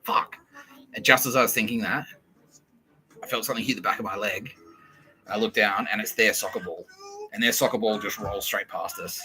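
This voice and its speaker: An Australian podcast host with a fairly low, brisk voice tells a comedy story, swearing freely and acting out the voices of the people in it. He leaves long pauses, and the recording is rough.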